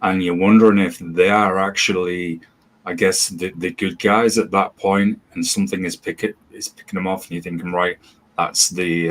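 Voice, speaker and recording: A man from UK, co-hosting a casual film review chat in a hesitant, self-deprecating way. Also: sits low. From northern UK. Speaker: co-host.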